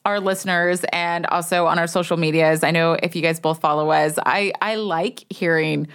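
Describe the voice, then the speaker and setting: A woman's voice: lowish voice, fairly even intonation, normal speed, fairly bright tone, clear, resonant tone. A woman co-hosting a podcast, talking in a chatty, rambling, enthusiastic way. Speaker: podcast co-host. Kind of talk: casual chat.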